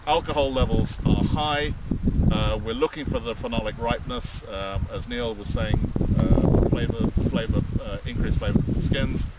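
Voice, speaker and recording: A man's voice: medium pitch, moderate pace. An English man presenting a casual vineyard update outdoors, hesitating with fillers and restarts. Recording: distant mic outdoors, loud wind and traffic.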